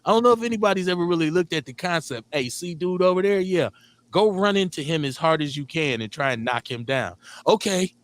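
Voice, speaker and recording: A middle-aged man from Milwaukee hosts a casual talk show. His pitch sits a bit high and jumps around freely as he rants with plenty of swearing and laughter. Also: brisk. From Milwaukee, Wisconsin. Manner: animated, profane, laughing often. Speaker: radio show host. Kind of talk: casual chat.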